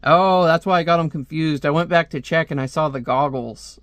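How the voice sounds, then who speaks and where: A man with a somewhat high voice, recorded close and dry with no room sound. He reviews a comic book casually, reading the panels out loud. He chuckles at the jokes and keeps jumping in and out of silly character voices. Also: normal speed, few pauses, no echo. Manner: jokey, giggly, jumps into character voices.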